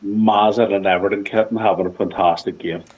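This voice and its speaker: Low-voiced man talking slowly and carefully. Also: fairly even intonation, rough recording. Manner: deliberately slowed, careful speech. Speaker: podcast co-host. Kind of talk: casual football podcast chat.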